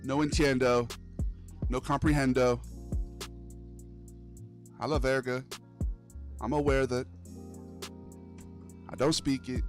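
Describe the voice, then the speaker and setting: A man's voice: mid-range voice, flat delivery, takes it slowly, long pauses, faint music behind. Slangy young male streamer. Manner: loose, slangy, calls the audience "bro". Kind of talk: casual gaming livestream chat.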